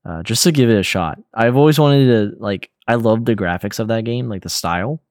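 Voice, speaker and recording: Young male podcast co-host, very low voice, relaxed rambling delivery, dry room. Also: fairly quick, no room sound. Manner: relaxed, rambling, lots of fillers and slang. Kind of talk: casual gaming podcast chat.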